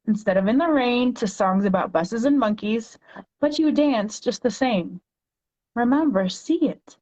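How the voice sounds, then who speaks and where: A woman's voice: medium pitch, a little mellow, highs cut off. Earnest woman reading her own poetry. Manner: earnest, reads poetry slowly and deliberately. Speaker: podcast guest, poet. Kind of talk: conversational talk and reading her own poems aloud.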